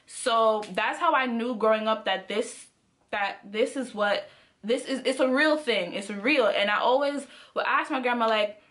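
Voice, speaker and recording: Bright-voiced young woman telling a story. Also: a little high, measured pace. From Caribbean. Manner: animated, slangy, laughs often. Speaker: vlogger. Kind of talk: casual storytime.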